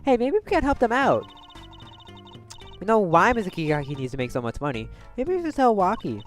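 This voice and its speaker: A woman's voice: medium pitch, big pitch swings, brisk, faint music behind, close to an everyday voice. A woman voicing a cheerful, bubbly teenage girl magician. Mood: playful. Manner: bubbly and bright.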